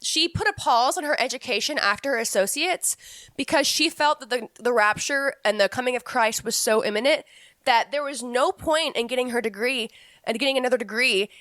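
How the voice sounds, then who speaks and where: A woman's voice: on the high side, fairly quick, fairly bright tone, no room sound. A young woman in her twenties co-hosting a podcast, talking casually and frankly and laughing often. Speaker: podcast co-host.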